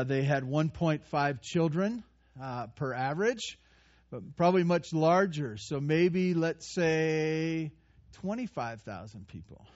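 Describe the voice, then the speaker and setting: A man preaching a sermon in a conversational, animated way, with playful asides and frequent restarts. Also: fairly high pitch, muffled recording. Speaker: pastor.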